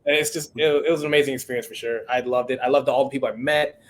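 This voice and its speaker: Guy in his 30s, chef on a podcast, animated storyteller, does the voices of everyone in his story. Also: medium pitch, racing, slight background noise. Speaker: chef guest. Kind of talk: casual storytelling interview.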